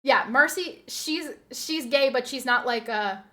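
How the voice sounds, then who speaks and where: A woman's voice: sits high, measured pace, pushed and bright. A woman streamer chatting casually with her viewers, rambling and laughing often as she reads and answers chat.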